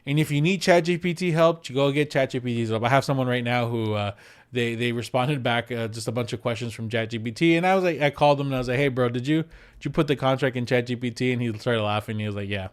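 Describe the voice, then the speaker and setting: A man who works as a real estate agent, giving casual advice to camera in an animated way, repeating words for emphasis and acting out quotes. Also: mid-range voice, fast, smooth. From United States.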